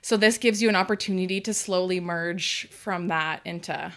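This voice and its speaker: A woman co-hosting a podcast as a wedding photographer, chatting casually with lots of "like" and quick agreement. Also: fairly low pitch. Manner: animated, filler-heavy, agreeable. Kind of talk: casual chat.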